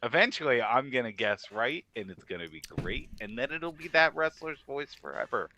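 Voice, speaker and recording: A man's voice: mid-range voice, very animated, sharp tone, a little hiss or hum. A man co-hosting a podcast, teasing his partner and riffing in casual banter. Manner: teasing, quick to needle and riff. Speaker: podcast co-host. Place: Japan.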